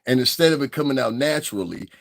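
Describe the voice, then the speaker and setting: With a Northeastern US accent, an online commentator rants on a livestream, swearing, laughing, and mocking voices. He talks fast in a gravelly, medium-pitched voice with lively intonation, and the studio-quality recording is dry.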